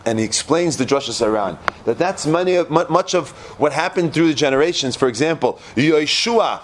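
A man giving a Torah class, quoting Hebrew verses and translating them, dropping to a low hush at dramatic moments. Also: fairly quick, slight background noise. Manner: expressive, quotes Hebrew verses then translates. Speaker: Torah teacher.

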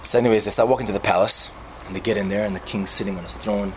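Animated man telling a parable. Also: on the low side, rapid-fire, slight background noise, rough recording. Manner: animated storytelling, mixing in Hebrew and Yiddish words. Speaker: yeshiva speaker. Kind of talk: informal sermon with a parable.

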